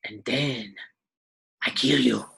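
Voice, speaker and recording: A man's voice: medium pitch, takes it slowly, a bit bright, exaggerated voice. A man playing a cranky old alien shopkeeper woman. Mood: gruff. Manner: broken clipped speech, gruff threats. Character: grizzled old female alien pet-shop keeper, cranky and threatening.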